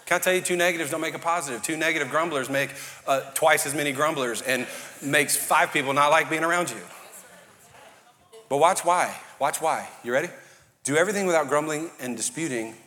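A man's voice: on the high side, fairly quick, long pauses. A man preaching a sermon to a congregation with a New Orleans Cajun accent, talking casually and joking with the crowd. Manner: conversational, joking, building to shouting. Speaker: pastor. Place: church auditorium. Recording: long hall reverb.

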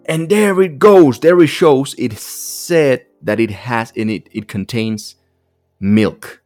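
Speaking slowly in a somewhat mellow, mid-range voice, a solo podcast host holds forth bluntly and with emphasis, swearing freely and repeating himself. There's quiet music in the background of his casual monologue.

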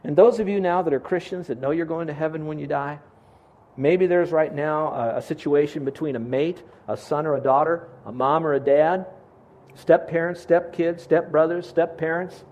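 A man's voice: a little high, normal speed, darkish tone. A middle-aged man preaching a sermon as a pastor, earnest and asking his congregation questions.

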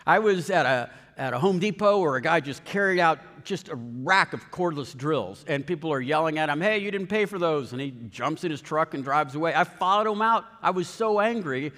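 A man preaching a sermon as pastor, earnest and animated, telling stories with quoted voices. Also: fairly high pitch, normal speed, few pauses. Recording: long hall reverb.

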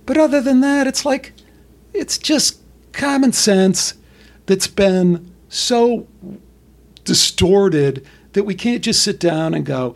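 A middle-aged man talking as a podcast guest, blunt and profane, telling stories in an animated way. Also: high-pitched, slow pace, creaky. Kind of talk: casual conversation.

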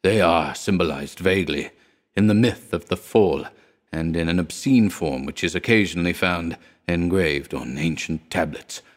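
A man reading aloud puts on a man unhinged by what he has seen, his voice breaking into shrieks and sinking into hoarse, moaning whispers. He is frantic and haunted, caught in a storybook tale of cosmic horror. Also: low-pitched, normal speed, close to an everyday voice. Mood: hoarse dread. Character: terrified drug-haunted man, raving of hounds.

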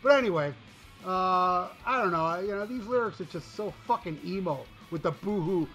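High, bright-voiced man ranting profanely. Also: lively intonation, moderate pace, faint music behind. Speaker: podcast co-host reviewing an album. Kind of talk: casual chat.

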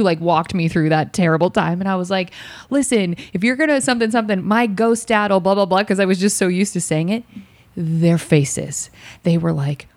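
A woman hosts the show in frank, casual talk and laughs easily. Her voice sits a bit low and sounds dry and close. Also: no room sound. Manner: chatty, quick to laugh, frank. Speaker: podcast host. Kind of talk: casual chat.

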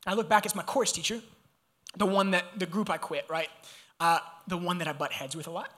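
Young male preacher, high and bright tone, lively storyteller who speaks straight to the room. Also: brisk. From Georgia, US. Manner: animated, conversational, addresses audience directly. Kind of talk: sermon with personal storytelling.

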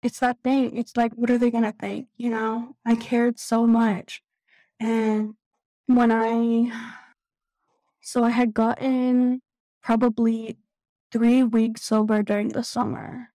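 A woman in her thirties, a guest candidly telling a painful personal story in a halting, emotional way, close to tears. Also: fairly high pitch, little pitch movement, dark tone, dry recording, rough recording. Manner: candid, halting, tearful at times. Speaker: guest sharing recovery story.

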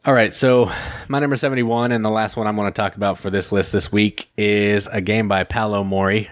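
Relaxed man with a lower voice. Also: brisk, no echo, studio quality. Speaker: podcast co-host. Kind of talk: casual chat.

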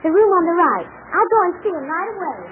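A woman's voice: very high-pitched, very animated, quick pace. An actress playing a sweet, flustered young woman in a 1940s radio serial. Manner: flustered, breathless. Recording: scratchy 1940s radio broadcast, narrow band, hiss.

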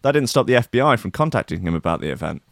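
A man's voice: mid-range voice, sing-song, rapid-fire, gravelly, dry recording, clean studio sound. A man reading out news stories and mocking them in a sarcastic, exasperated rant. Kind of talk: ranting news commentary.

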